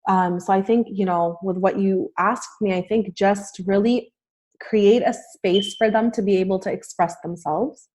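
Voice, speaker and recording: A young adult woman speaks as a podcast guest in an earnest, encouraging way. Her pitch sits in the middle range, and her talk is loose and full of fillers. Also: steady tone, a little slow, darkish tone. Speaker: podcast guest, life coach. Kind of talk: casual podcast conversation.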